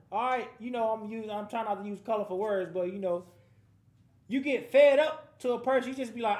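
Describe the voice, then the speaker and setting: A man's voice: high-pitched, brisk, darkish tone. A man leading a Bible class, commenting on each verse read aloud in loose street slang and telling the class to read on. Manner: slangy, street-talk asides. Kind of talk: lively scripture commentary. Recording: roomy echoing room.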